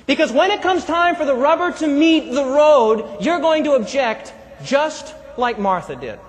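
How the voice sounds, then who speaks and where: Preaching in a church hall, a man with a very high voice speaks at a measured pace with lively intonation. He keeps calling out to his congregation for answers and amens, and the recording carries the long reverb of a large hall.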